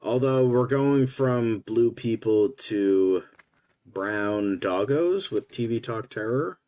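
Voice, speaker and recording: A man's voice: on the low side, takes it slowly, warm tone. A man co-hosting a casual chat about films and shows, rambling and swearing freely with enthusiasm. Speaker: co-host.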